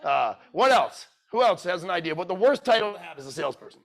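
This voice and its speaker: A man giving a motivational talk to a live audience. He speaks bluntly, swears freely, quizzes the crowd, and swings from loud urging to quiet, emotional storytelling. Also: high voice, sing-song, fast. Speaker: keynote speaker.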